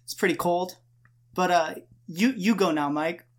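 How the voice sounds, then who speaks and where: A man's voice: sits high, a little slow. A man hosting a casual podcast, talking in an offhand, hesitant way with crude jokes. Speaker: podcast host.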